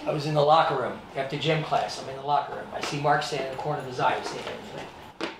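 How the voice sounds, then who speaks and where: A man's voice: mid-range voice, racing, noisy background. Man telling a dramatic story, echoey room. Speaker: actor and martial artist giving a presentation. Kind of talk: motivational storytelling to students. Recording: echoey room, distant mic.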